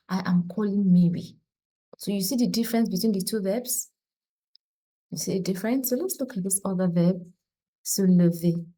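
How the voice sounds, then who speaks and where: A woman's voice: on the low side, warm tone, poor audio. Patient woman teaching French verbs. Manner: explains patiently, repeats conjugations, asks "okay?" often. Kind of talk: casual spoken lesson.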